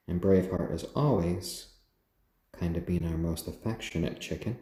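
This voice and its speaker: A man hosting a casual home live stream, gently cooing to his pet chickens and chatting with viewers. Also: sits low, normal speed, roomy sound. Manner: chatty, answers viewers' comments.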